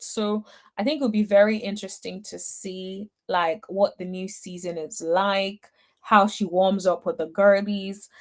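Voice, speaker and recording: A young adult woman hosting a casual reality TV recap, chatty and sassy, answering viewers' comments with lots of fillers. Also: mid-range voice. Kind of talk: casual chat reading live comments.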